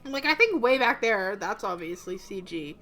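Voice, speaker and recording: A woman's voice: mid-range voice, expressive, moderate pace, bright, forceful tone. A young woman hosting a movie reaction, chatting casually to her viewers in a slightly subdued way.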